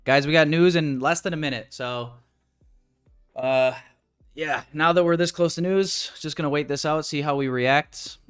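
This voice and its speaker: A man's voice: a little high, moderate pace, clear, resonant tone, soft background music. A man streaming live while day trading, bantering with his chat in a joking, profane, casual way.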